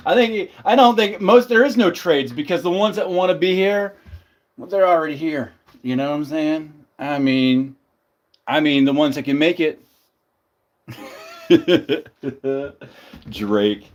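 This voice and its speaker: A man hosting a casual livestream, rambling loosely with lots of fillers and swearing. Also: a little high. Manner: loose, profane, filler-heavy. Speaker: livestream host.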